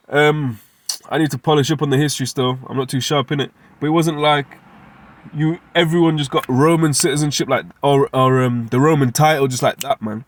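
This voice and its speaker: A man's voice: on the high side, a little fast, no echo. A man teaching scripture informally, asking rhetorical questions and dropping street slang. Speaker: Bible teacher.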